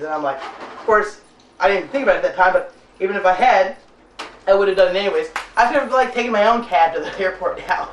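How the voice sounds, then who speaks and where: A woman's voice: mid-range voice, recorded from a distance. Rambling woman cooking in an echoey kitchen. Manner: loose and chatty, many filler pauses, gets animated in the anecdote. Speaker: cooking show host. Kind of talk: casual rambling storytelling while cooking. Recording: roomy sound, voice off-mic, faint noise.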